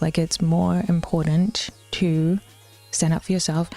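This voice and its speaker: Mellow half-whispering woman streamer. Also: lowish voice, level tone, unhurried, creaky, soft background music. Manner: often half-whispered, laughing, swearing casually. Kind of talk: casual livestream chat while working out.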